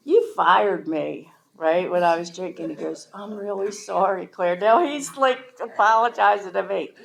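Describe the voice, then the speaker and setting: A woman's voice: fairly low pitch, vocal fry. A middle-aged woman speaking candidly and self-deprecatingly about her own recovery at a meeting, with a Philadelphia-area American accent and lots of casual fillers. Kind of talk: personal recovery talk.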